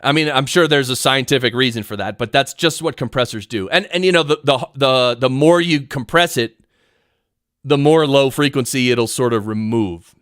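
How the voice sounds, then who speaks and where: A man with a smooth, resonant voice at an ordinary pitch, teaching podcast audio on a live stream in a home studio. He rambles excitedly and keeps breaking off his own sentences. The sound is close and dry, straight into a studio mic. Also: moderate pace, no echo. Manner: rambling, excitable, self-interrupting. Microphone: studio mic through audio recorder.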